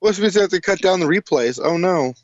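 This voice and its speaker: A male podcast co-host with a higher, lively voice jumps in with short sarcastic quips. His sound is dull and lo-fi, a bit away from the mic, and dry. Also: no echo. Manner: quick sarcastic interjections. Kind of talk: casual podcast banter.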